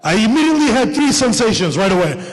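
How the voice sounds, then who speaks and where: High-voiced man doing stand-up. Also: fast, long reverb tail. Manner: animated, acts out dialogue. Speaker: stand-up comedian. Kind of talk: stand-up comedy storytelling.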